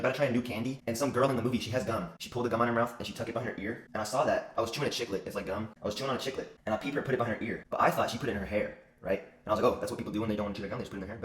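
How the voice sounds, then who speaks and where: A man's voice: on the low side, reverberant. A young man telling funny stories about his childhood in casual, profane chat. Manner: fast, profane, joking. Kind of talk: casual storytelling monologue.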